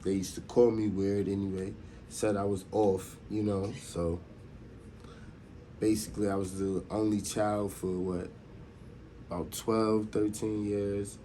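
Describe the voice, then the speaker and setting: Man, about forty, low voice, mellow tone, host, rambling casual storytelling, keeps checking in with the listener. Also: flat delivery, a little slow, slight background noise. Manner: rambling, loose, constantly says "you know what I mean".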